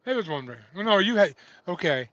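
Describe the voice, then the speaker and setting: A man's voice: high voice, sing-song, fairly quick, a bit bright. A man hosting a casual livestream, chatty, reading viewer comments and laughing often. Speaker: host of a trucking livestream. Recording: dull lo-fi dry audio.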